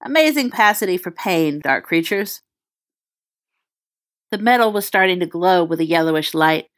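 A woman's voice: lively intonation, moderate pace, no room sound, studio quality. A woman reading fan fiction aloud as narrator, acting out the dialogue with a lifted voice. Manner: acts out dialogue with raised pitch. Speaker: reader.

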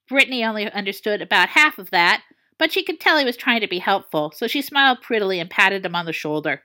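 A woman narrating a story in a playful, expressive reading. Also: medium pitch, brisk.

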